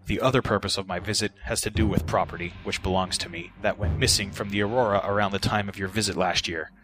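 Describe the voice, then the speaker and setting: An earnest, measured starship officer, as a narrator puts him on in a fairly low voice. He speaks calmly and steadily. Music sits clearly behind the voice. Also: natural voice. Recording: voice over background music.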